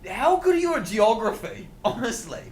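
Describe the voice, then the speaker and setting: A man's voice: extremely high pitch, sing-song, normal speed. A man, co-hosting a podcast in casual, crude, teasing chat. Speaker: podcast co-host.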